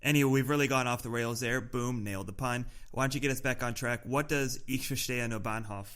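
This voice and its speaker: Bright-voiced teasing American man. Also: medium pitch, brisk, clean tone. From United States. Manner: chatty, teasing, restarts often. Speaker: podcast co-host. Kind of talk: casual chat. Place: living in Germany.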